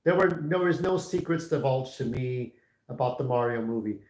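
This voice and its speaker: A man's voice: mid-range voice, animated, normal speed, darkish tone, poor audio. A man in his forties chatting casually on a livestream, candid and opinionated, talking straight to his viewers. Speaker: YouTube livestreamer.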